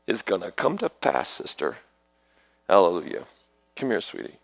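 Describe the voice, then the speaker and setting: A man's voice: deep voice, huge pitch swings, normal speed, vocal fry, husky, no echo. A man preaching at an altar call, calling people forward and praying over them in sudden fervent bursts. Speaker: preacher leading prayer ministry.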